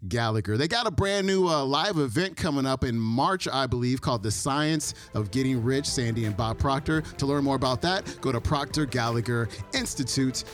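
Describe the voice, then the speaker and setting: Guy host wrapping up the show, chill sign-off, music softly behind. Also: mid-range voice, moderate pace, few pauses. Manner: relaxed, casual sign-off. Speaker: podcast host. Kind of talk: casual show outro. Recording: music bed under voice.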